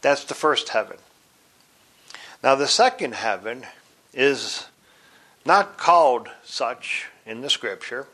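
Spelling out words one letter at a time, a man teaches from the Bible in a slow, explanatory style. His voice is mid-range, sing-song, pushed, and bright.

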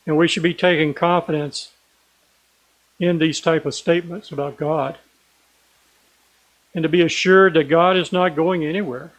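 A man preaching a sermon in an earnest way, slowing down and stressing key words as he reads scripture aloud. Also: fairly high pitch, fairly even intonation, low-quality recording.

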